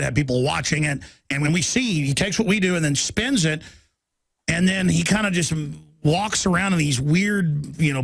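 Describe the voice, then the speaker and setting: A man hosting a talk show interview, talking in halting bursts with stammering restarts. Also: fairly high pitch, vocal fry, no room sound.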